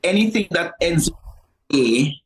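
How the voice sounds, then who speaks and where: A man's voice: a little high, slow, noisy background. A man from Jamaica with a Jamaican accent, a cake shop owner telling stories as a talk show guest, easygoing with many fillers. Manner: relaxed storytelling with many "you know" fillers. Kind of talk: casual talk show interview.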